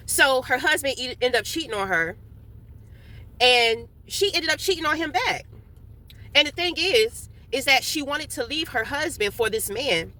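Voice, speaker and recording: A woman's voice: on the high side, bright, forceful tone. A young woman talking candidly in a casual monologue. She swears freely, laughs often, and talks while eating. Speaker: vlogger.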